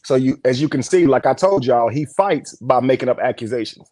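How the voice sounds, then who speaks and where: A man's voice: mid-range voice, lively intonation, brisk, darkish tone, no echo. A man hosting a casual livestream commentary, talking bluntly and indignantly, with plenty of swearing. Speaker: livestream host.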